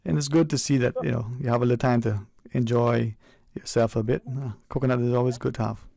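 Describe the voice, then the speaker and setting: Gravelly radio host. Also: male voice, mid-range voice, steady tone, quick pace, warm tone, no room sound, studio quality. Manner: easygoing, chatty, with frequent restarts. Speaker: radio talk show host. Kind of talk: casual call-in radio chat. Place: radio studio. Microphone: close studio mic.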